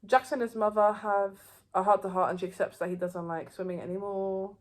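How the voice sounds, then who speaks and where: A woman's voice: medium pitch, fairly even intonation, brisk. A woman giving a casual, rambling recap of a TV season, with loose phrasing and frequent restarts. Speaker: TV show reviewer.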